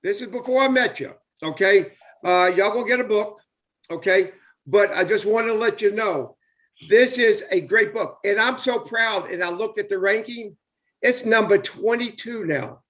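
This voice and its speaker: An older man, a former baseball player hosting a casual live chat, rambles from home over a live video call in a drawl. His voice is high for a man and fairly bright, at a moderate pace. He circles back over the same points with eager, repetitive enthusiasm and plenty of "uh" and "you know."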